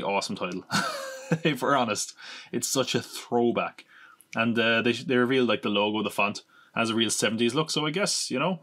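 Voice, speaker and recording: A man's voice: lowish voice, pushed and bright. A man hosting a podcast in casual chat, rambling and sarcastic, with the odd swear word thrown in. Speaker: podcast host.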